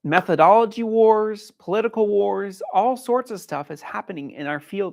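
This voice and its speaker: A man with a gravelly, rough edge to his voice talks to his viewers in a casual livestream. He is an earnest dog trainer who encourages his audience, and his voice sits a little higher than most men's. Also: moderate pace. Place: indoor dog training facility.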